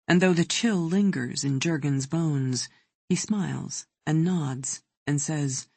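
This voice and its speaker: An audiobook narrator reading a thriller in a measured, even way. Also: medium pitch, creaky, slightly rough, no echo.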